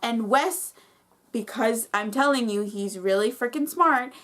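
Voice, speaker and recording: A woman with a fairly high voice talks through a reality competition episode as a vlogger. She is casual and opinionated, and she gets fired up and says "like" often. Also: unhurried, a bit bright.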